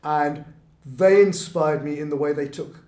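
A man's voice: a little high, unhurried, darkish tone. Self-deprecating chatty man, echoey room. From not from Birmingham, lives there. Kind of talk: casual podcast conversation.

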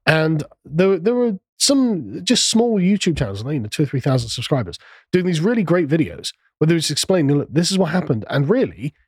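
A man's voice: fairly high pitch, sing-song, a little fast, husky, dry recording. A man hosting a podcast, talking through politics in a casual, sardonic way. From England. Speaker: podcast host.

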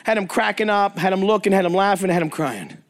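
Male preacher, high voice, animated storyteller sermon to a men's group. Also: quick pace. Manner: animated, acts out quoted voices, jokey asides. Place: church or men's meeting hall.

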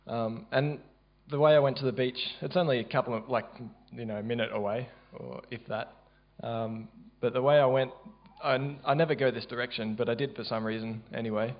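A man with an Australian accent, telling a church testimony in a casual, halting way with many fillers. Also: steady tone. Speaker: church member sharing a testimony. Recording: dull low-fidelity sound.

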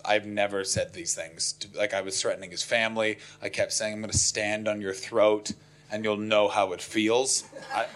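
A man with a bright, forceful voice tells a stand-up story, swearing freely and swinging from muttered asides to frantic, rising yells. His delivery is animated and comic. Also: fairly high pitch. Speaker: stand-up comedian.

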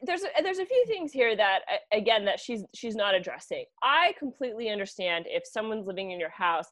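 A woman co-hosting a comedic advice podcast, reading listener letters aloud and then mulling them over in a chatty, halting way. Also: medium pitch, sing-song, a bit bright. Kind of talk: casual comedic podcast chat.

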